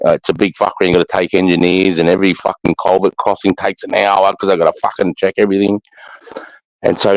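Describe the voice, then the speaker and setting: Man foul-mouthed low-voiced Aussie vet. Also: a little mellow, no room sound, poor audio. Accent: Australian. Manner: blunt, heavy swearing, keeps adding "mate". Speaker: former army sergeant. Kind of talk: casual storytelling chat.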